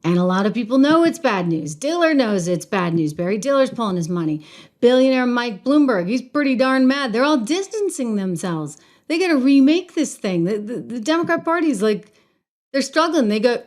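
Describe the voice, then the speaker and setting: A woman's voice: a little high, big pitch swings, moderate pace, a little mellow. A middle-aged woman hosting a political commentary show, talking straight to her viewers in an emphatic, conversational way. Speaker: show host.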